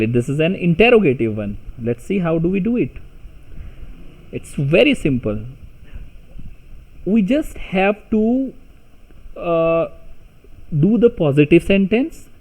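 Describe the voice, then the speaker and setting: Slow mellow-voiced man teaching grammar. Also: a little high, poor audio. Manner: patient, repeats example sentences in three languages. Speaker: language teacher. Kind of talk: slow explanatory tutorial.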